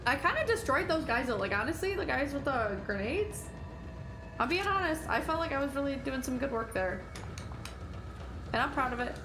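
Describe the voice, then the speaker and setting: A woman's voice: high-pitched, lively intonation, normal speed, reverberant, background noise. A young woman streaming a horror game, chatting with viewers and shrieking at the scares. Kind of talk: live game commentary.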